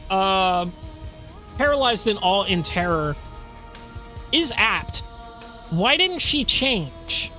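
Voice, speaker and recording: A man's voice: high voice, big pitch swings, slow, long pauses, sharp tone, soft background music. A young man commentating casually on a horror game, rambling, laughing and swearing. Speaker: let's play host.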